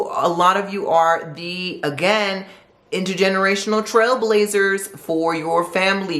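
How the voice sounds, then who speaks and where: A woman's voice: fairly low pitch, fairly bright tone, roomy sound. A woman giving a tarot forecast, asking a string of reflective rhetorical questions. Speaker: tarot reader.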